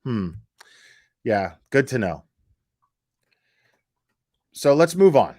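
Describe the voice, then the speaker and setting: A man's voice: medium pitch, very animated, very slow, darkish tone, no room sound, studio quality. A man hosting casual commentary, blunt, sarcastic and profane. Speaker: commentary host.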